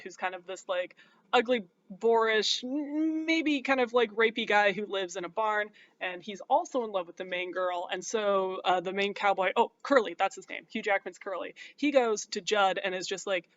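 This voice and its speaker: A man with a notably high voice rattles off a story summary in a dry, irreverent tone. He talks loosely, with plenty of ums and likes. The audio is somewhat dull and lo-fi. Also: a bit bright. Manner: wry, irreverent, chatty with fillers. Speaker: comedic recapper. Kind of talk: casual sarcastic plot recap.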